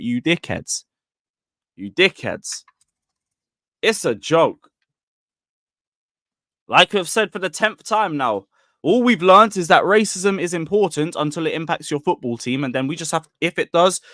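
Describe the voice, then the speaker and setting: A man's voice: a little high, fairly bright tone, no echo, studio quality. A man hosting a football live stream, ranting bluntly and angrily at his chat.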